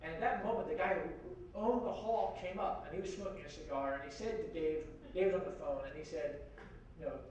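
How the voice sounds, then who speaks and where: A man speaking as a guest at a university forum, telling an anecdote in a lively way and acting out the voices of the people in it, with many "like"s and "you know"s. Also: on the high side, quick pace, lo-fi sound. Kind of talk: animated anecdote storytelling. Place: university lecture hall. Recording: very echoey hall from far off, faint noise.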